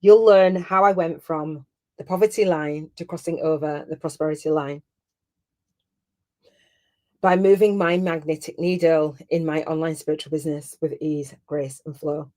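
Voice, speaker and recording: A woman's voice: deep voice, fairly even intonation, normal speed, dark tone. A middle-aged woman hosting a live online masterclass. She is heartfelt and chatty, and close to tears at times. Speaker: host and business coach.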